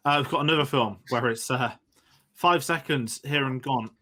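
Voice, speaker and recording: A man's voice: medium pitch, moderate pace, pushed and bright. Chatty man hosting a film podcast. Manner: rambling, self-correcting, enthusiastic. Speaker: podcast host. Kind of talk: casual film discussion.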